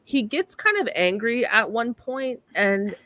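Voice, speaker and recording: A woman's voice: a little high, big pitch swings, measured pace, bright, forceful tone. A young woman co-hosting a podcast, chatting casually through an episode recap with lots of "like" and acting out the quoted lines. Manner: chatty, filler-heavy "like", acts out quoted lines. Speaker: podcast co-host.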